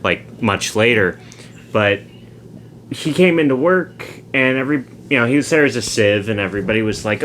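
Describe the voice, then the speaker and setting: A man's voice: mid-range voice, normal speed, slight background noise. Rambling male podcast storyteller. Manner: rambling, animated anecdote with acted-out quotes. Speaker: podcast co-host. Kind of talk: casual storytelling.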